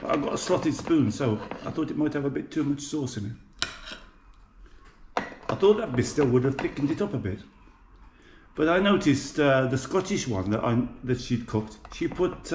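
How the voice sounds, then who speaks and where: He has a medium-pitched, expressive voice, keeps a moderate pace and pauses often. A chatty, self-mocking home cook vlogger from Birmingham, England, he talks to viewers while cooking in his home kitchen for a casual vlog. Background noise, echo and faint clatter fill the recording.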